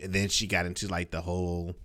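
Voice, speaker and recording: Lower-voiced laid-back dad. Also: male voice, little pitch movement, quick pace, a bit bright. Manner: laid-back storytelling with mimicked quotes. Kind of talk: casual chat.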